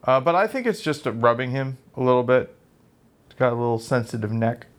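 A man's voice: mid-range voice, animated, brisk. A man co-hosting a podcast in casual chat, telling rambling self-deprecating stories full of fillers. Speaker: podcast co-host.

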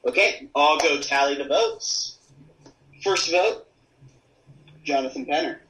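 A man impersonating a reality-show host tallying votes with announcer's pauses. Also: on the high side, bright, forceful tone, rough recording. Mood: announcing.

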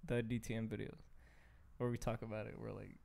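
A man's voice: fairly low pitch, little pitch movement, a little fast, creaky, dark tone. A young man co-hosting a podcast, easygoing and agreeable, full of casual slang. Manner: agreeable, casual, lots of dude and like. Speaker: podcast co-host. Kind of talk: casual chat.

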